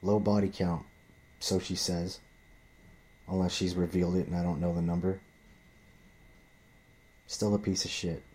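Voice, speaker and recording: A man's voice: low-pitched, flat delivery, measured pace, long pauses, a little mellow. A man ranting in a profane, rambling monologue, often restarting and repeating himself.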